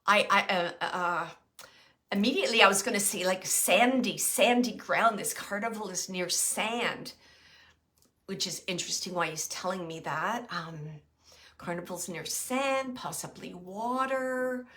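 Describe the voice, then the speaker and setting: A woman with a bright, clear voice gives a live psychic reading to her viewers. She thinks aloud, hesitating often and filling pauses with small sounds as she describes impressions the moment they come to her. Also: mid-range voice. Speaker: psychic medium.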